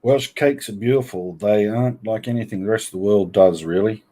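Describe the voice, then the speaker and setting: A man's voice: lowish voice, a little fast, dark tone, slight background noise. A man hosting a casual live stream, reading out viewer comments in a playful, teasing way. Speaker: livestream host.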